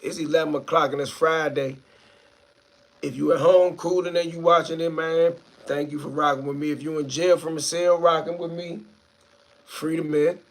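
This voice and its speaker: A man's voice: fairly high pitch, fairly even intonation, moderate pace. A man hosting a casual live stream, reading viewer comments aloud and answering them in a laid-back way.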